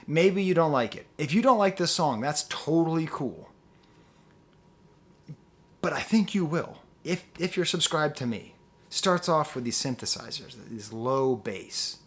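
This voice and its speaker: A man's voice: medium pitch, fairly bright tone. A man giving a casual talk-to-camera album review, rambling and digressive with lots of fillers, earnest and pleading in his enthusiasm.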